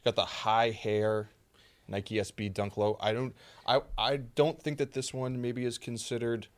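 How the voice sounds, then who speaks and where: A man co-hosting a podcast in casual chat, getting animated and acting out people's reactions. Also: mid-range voice, measured pace. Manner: animated, acts out quoted reactions. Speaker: podcast co-host.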